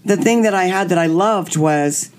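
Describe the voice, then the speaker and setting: Animated woman telling a candid story. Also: on the low side, moderate pace. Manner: animated, acts out quotes. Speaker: guest.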